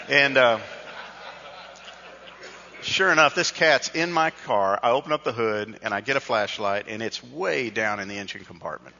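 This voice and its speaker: Bright-voiced pastor, echoing hall. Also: male voice, medium pitch, moderate pace, creaky, slight background noise. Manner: conversational storytelling, self-deprecating. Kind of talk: sermon with personal story. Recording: dull sound with long hall reverb.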